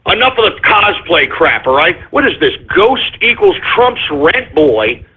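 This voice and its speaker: A man hosting a call-in radio show, ranting angrily with profanity and sudden shouts. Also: high voice, big pitch swings, a little slow, slightly rough. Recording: phone-like narrow sound.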